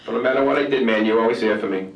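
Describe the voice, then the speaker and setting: A man's voice: mid-range voice, rapid-fire, creaky, highs cut off, close to an everyday voice. A man playing a grown man, once an angry troubled kid, who talks casually and swears while thanking an old mentor. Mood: reminiscing. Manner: casual, tough-talking, swears. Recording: roomy hall, far from mic.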